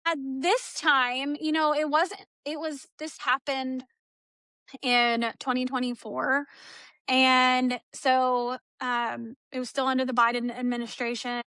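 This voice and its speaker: Female interview guest from Texas, high and bright, retells a hard personal story and voices the other people in it. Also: level tone, takes it slowly, smooth, dry recording. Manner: storytelling, acts out quoted dialogue. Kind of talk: emotional personal account.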